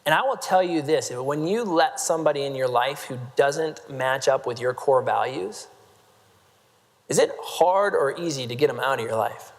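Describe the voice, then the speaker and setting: A man's voice: mid-range voice, normal speed. A man from Nebraska giving a humorous keynote talk on a convention stage, joking with the crowd and filling his sentences with "like". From Nebraska, United States. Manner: playful, self-mocking, heavy use of "like", quips at the crowd. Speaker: motivational keynote speaker. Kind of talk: humorous storytelling talk to a live audience. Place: large convention hall main stage. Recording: long reverb of a large hall.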